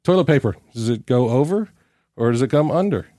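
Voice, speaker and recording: A man's voice: mid-range voice, animated, brisk, mellow, no echo, studio quality. A man hosting a podcast, chatting casually as he reads out quiz questions and riffs on the answers. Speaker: podcast host. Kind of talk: casual interview chat.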